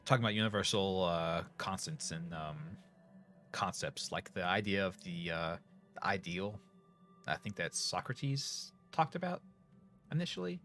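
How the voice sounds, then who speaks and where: Middle-aged streamer, deep voice, Northern US accent, rambly casual chat, faint music under. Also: male voice, a bit bright. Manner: rambling, many fillers and restarts.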